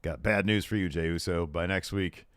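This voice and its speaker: Deep-voiced man recapping with a laugh. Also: normal speed, a bit bright, smooth, no echo, studio quality. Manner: retells scenes by quoting wrestlers, laughs easily. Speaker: podcast co-host. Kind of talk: casual recap of a wrestling show.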